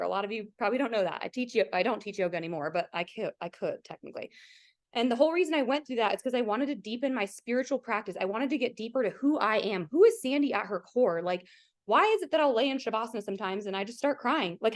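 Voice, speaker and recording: Woman host, slightly high voice, motivational storyteller on a video call, heartfelt and chatty. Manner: emotional, earnest, heavy use of "like", addresses the audience directly. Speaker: team leader hosting a coaching call.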